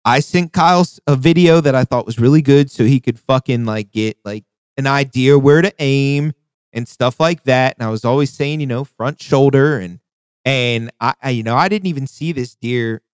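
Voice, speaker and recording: A man hosting a casual podcast, cursing often and reliving a hunting trip in a lively, laughing way. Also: medium pitch, normal speed, smooth, no room sound. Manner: profane, animated retelling with acted quotes. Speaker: podcast host. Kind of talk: casual storytelling chat.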